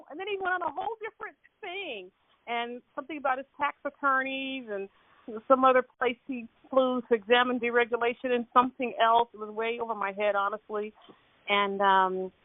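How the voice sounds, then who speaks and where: Bright-voiced woman on a phone line. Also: a little high, normal speed, no echo. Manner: laughing, animated retelling with quoted dialogue. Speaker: caller on a coaching call. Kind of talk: casual storytelling chat.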